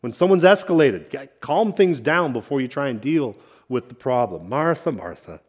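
A middle-aged senior pastor preaching a sermon in a conversational way, often checking in with "right?" and building to emphatic points. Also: male voice, medium pitch, animated, normal speed.

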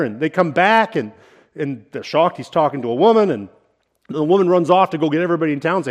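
A man's voice: fairly high pitch, expressive, fast talker. Man preaching a conversational sermon. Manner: conversational preaching, rising in emphasis, with frequent "right?". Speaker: senior pastor.

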